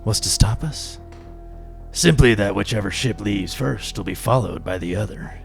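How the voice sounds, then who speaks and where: A man playing a stern starship captain in a radio drama, speaking in a deliberate, commanding way. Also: lowish voice, gravelly, soft background music.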